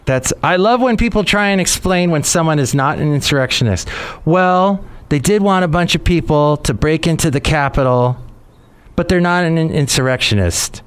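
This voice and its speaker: A man's voice: a little high, moderate pace, smooth. A man hosting a podcast in a rambling, jokey, digressive monologue. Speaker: podcast host. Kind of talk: casual chat monologue.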